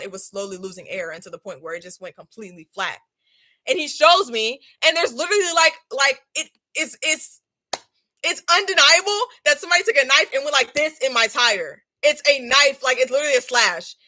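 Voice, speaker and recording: A young woman in her twenties telling a casual, slangy storytime while doing a face mask, animated and laughing often. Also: a little high. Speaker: vlogger.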